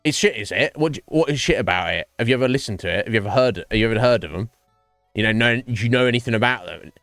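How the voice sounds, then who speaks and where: Male streamer chatting w/ his viewers, animated and sweary, dry mic, bit of music under it. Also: fairly low pitch, fast, dry recording. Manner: rambling, animated, swears freely. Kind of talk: casual chat with stream viewers. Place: home streaming setup.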